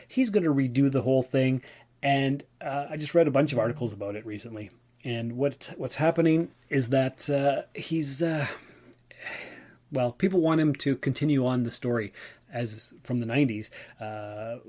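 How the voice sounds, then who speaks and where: A man hosting his own podcast, talking alone in a casual, rambling, excitable way with many fillers. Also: medium pitch. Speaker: podcast host. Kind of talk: casual solo podcast chat.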